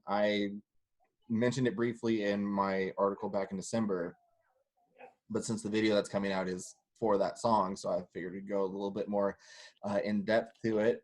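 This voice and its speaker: A man hosting a music podcast interview, chummy and quick to laugh and joke. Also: lowish voice, a little mellow. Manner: chummy, laughing, joking asides. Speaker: podcast host. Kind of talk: casual interview chat.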